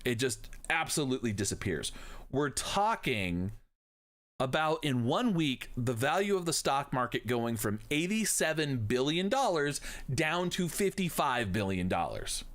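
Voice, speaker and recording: A man's voice: medium pitch, very animated, unhurried, fairly bright tone. A man teaching history on a live stream, talking in a casual, jokey way and swearing now and then. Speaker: history professor.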